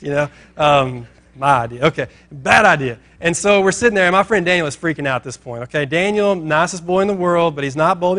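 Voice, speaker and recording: A male pastor telling a story in a sermon, animated and acting out the people in it. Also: a little high, fairly quick.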